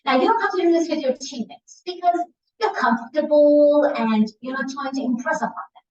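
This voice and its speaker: A middle-aged woman with a high-pitched, darkish voice speaks a little fast as she gives a lively seminar to a class in a lecture room. Working as a communication coach, she demonstrates her points by shifting her tone and pace. The recording is roomy, distant and dull, typical of a lecture hall.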